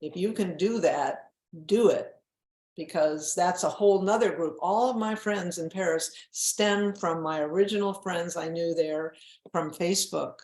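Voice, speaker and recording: A woman in her seventies talks as an interview guest, candid and self-mocking, with frequent laughs. Her voice sits a bit low. The room around her is echoey. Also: measured pace, darkish tone. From New England. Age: 70s. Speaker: guest author. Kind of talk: casual interview chat.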